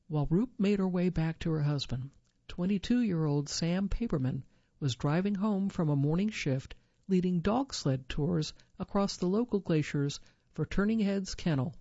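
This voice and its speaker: A narrator reading a true survival story in a measured storytelling manner, lifting the quoted lines. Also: medium pitch, mellow, no room sound, muffled recording.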